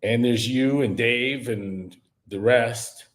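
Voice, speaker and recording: A man who is a guest on a podcast, talking casually in a musing, halting way with many fillers. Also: mid-range voice. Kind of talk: casual conversation.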